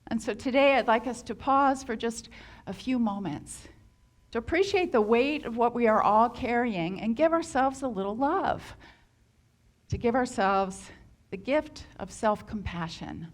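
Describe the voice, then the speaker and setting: Woman, minister, sermon, earnest, fairly high voice. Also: expressive, measured pace. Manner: earnest, acts out quoted inner voices.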